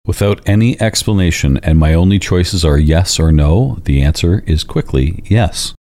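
A man's voice: deep voice, normal speed, warm tone, no echo, studio quality. A man with a Canadian accent co-hosting a podcast, chatting enthusiastically in an easygoing way. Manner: enthusiastic, easygoing, uses fillers like "if you will". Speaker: podcast co-host. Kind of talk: casual chat.

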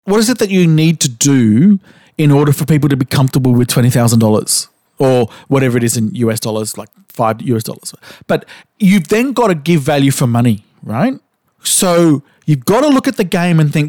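A man's voice: mid-range voice, sing-song, fairly quick, darkish tone, no echo, studio quality. A man co-hosting a podcast, chatting casually and animatedly, asking probing questions and swearing now and then. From Australia. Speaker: podcast co-host. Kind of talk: casual chat.

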